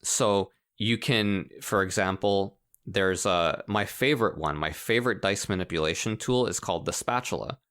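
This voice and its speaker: A man co-hosting a casual podcast, explaining a game in an animated way and laughing often. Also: sits low, moderate pace, few pauses. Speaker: podcast co-host. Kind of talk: casual chat about video games.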